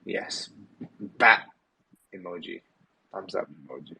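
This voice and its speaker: A man's voice: deep voice, takes it slowly, creaky, sharp tone, slight background noise, rough recording. A tired man hosting a casual live audio Q&A, rambling with many fillers and yawning late at night. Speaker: host of a community Q&A.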